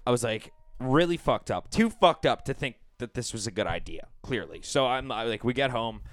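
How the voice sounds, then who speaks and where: A man co-hosting a podcast in relaxed, casual chat, swearing casually and reacting quickly. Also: mid-range voice, faint music behind. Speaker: podcast co-host.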